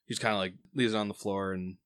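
A man's voice: lowish voice, fairly even intonation, quick pace, fairly bright tone. A man narrating as game master in a loose, filler-heavy way, often laughing.

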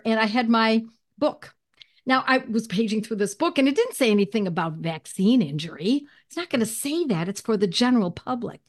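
Animated woman telling a personal story. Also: fairly high pitch. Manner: animated storyteller who often clears her throat. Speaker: guest, homeopathy educator.

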